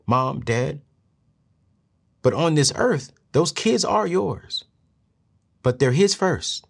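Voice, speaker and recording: A man's voice: animated, slow pace, gravelly, long pauses, breathy edge. Earnest preachy man giving money advice. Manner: earnest, preachy, rises in pitch when emphatic. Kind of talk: motivational talk to camera.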